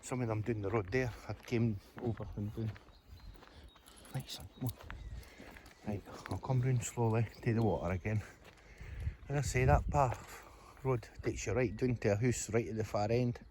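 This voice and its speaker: A man's voice: lowish voice, moderate pace, noisy background. A Scottish man chatting casually as he films a walk by a reservoir, rambling along and calling to his dog. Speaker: vlogger. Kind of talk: casual walking vlog narration. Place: outdoors by a reservoir. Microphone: handheld camera. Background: birds and outdoor sounds.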